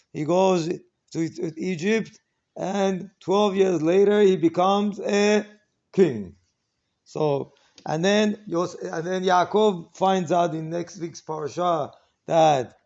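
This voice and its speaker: A man's voice: on the high side, vocal fry, darkish tone. A man giving an informal Torah class as a rabbi, talking conversationally with many rhetorical questions and acting out quoted lines. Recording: dull lo-fi recording.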